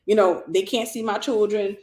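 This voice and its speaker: A woman leads a casual faith teaching on her own show, talking things through aloud and weaving in scripture. Her voice sits at a middle pitch. The room rings with a noticeable echo around her. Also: steady tone, moderate pace, a little mellow. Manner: conversational preacher's teaching, thinks aloud and restarts, quotes scripture. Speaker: ministry host and mentor. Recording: roomy echo.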